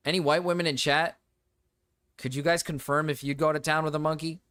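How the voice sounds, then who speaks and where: A young man gives excitable live-stream reaction commentary, swearing, laughing often and jumping into sudden high yelps. The pace is brisk, and the recording is dry and studio quality.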